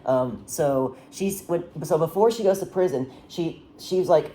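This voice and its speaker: A woman's voice: sits low, unhurried, hardly any pauses, warm tone. A woman casually retelling the plot of a historical drama, rambling with many restarts and fillers. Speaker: storyteller recapping a historical drama. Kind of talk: casual chat.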